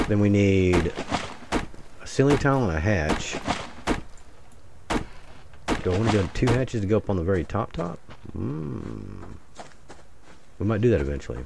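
Low-voiced and animated, the gaming channel host talks at normal speed with vocal fry and long pauses against a noisy background. He rambles through a survival game in casual solo commentary, tossing jokey, muttered asides to his viewers.

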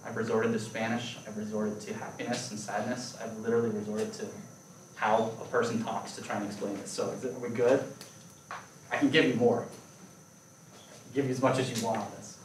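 A man's voice: lowish voice, moderate pace, distant mic, slight background noise. Man lecturing in an echoey room. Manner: animated, playful explanations with rhetorical questions. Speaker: math lecturer. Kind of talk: classroom lecture.

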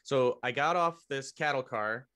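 A man's voice: mid-range voice, moderate pace, pushed and bright, clean tone. Rambling man telling a story. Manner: rambling, with frequent restarts and self-corrections. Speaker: podcast guest, military veteran. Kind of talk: casual storytelling in a podcast interview.

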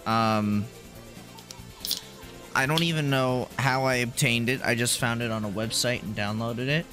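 Slow-talking male game streamer. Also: medium pitch, music in the background. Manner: rambling, hesitant, full of ums and excited asides. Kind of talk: casual gaming commentary.

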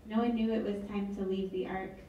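A woman's voice: medium pitch, little pitch movement, moderate pace, recorded from a distance, dull audio, a little hiss or hum. A woman author reading her book aloud at an event, with wry, chatty asides. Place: event hall. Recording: echoey hall, mic from afar.

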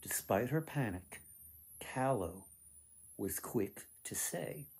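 A man reading a folktale aloud to children, expressive with dramatic pauses. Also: lowish voice, creaky, breathy edge. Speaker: author reading his book. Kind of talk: storybook read-aloud.

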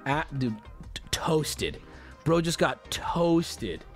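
A man streaming live, ranting casually and arguing back at his chat in a mocking, animated way. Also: a little high, extremely slow, soft background music. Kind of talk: casual livestream rant.

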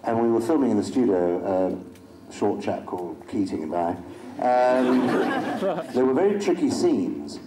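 A man's voice: mid-range voice, big pitch swings, a little slow. A middle-aged man joking wryly as a convention panel guest before an audience. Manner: wry, dry self-mocking humor. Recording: echoey hall with crowd noise.

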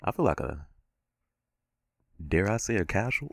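A man commentating his own gameplay, casual and slangy, swinging from low self-critical muttering to sudden yells. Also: very animated, measured pace, vocal fry, pauses often, no room sound. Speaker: gamer.

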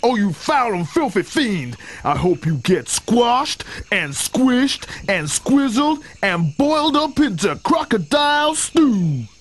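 A man voicing a big, deep-voiced male elephant in a storybook reading, outraged and theatrical in manner. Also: big pitch swings, takes it slowly, hardly any pauses, exaggerated voice.

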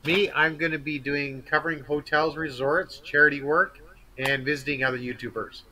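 Male live-stream host, bright forceful tone, friendly, chatty, laughs a lot. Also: fairly high pitch, fairly even intonation, normal speed, poor audio. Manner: friendly, laughs often, trails off. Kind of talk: casual chat.

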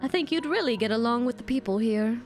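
A woman's voice: a little high, expressive, quick pace, soft background music, natural voice. A woman voicing a solemn young woman who speaks at a memorial in a wistful, earnest way.

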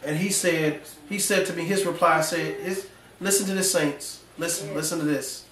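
A man preaching in a church, his voice a bit high for a man and rising as he gets animated. He talks in a folksy way with slang, and the sound is echoey and picked up from some distance, with a faint hum of the room behind him. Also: normal speed. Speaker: pastor. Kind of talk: sermon. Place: church sanctuary.

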